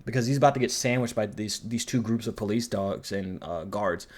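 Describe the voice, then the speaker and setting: A man's voice: on the low side, fairly quick, a little mellow. Rambling, profane male reviewer. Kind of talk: casual commentary.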